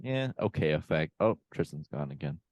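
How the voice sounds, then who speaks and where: A man's voice: rumbling low, expressive, normal speed, a little mellow, no room sound, lo-fi sound. A man co-hosting a podcast over a video call, talking in a laid-back, drawling way with lots of fillers. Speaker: podcast co-host. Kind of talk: casual chat reviewing a film.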